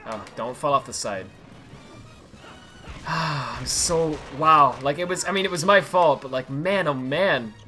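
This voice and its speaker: A man streaming himself playing a game, chatting casually and yelling in frustration when play goes wrong. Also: on the high side, a little fast, few pauses. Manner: excitable, yells at the game when things go wrong. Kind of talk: live-streamed gameplay commentary. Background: faint game music.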